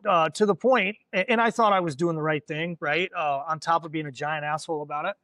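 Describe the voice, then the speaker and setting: A man's voice: a little high, a bit bright, no room sound. A man in his forties, a former Marine, telling stories casually with lots of fillers and swearing. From United States. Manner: rambling, lots of fillers and profanity. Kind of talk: casual storytelling.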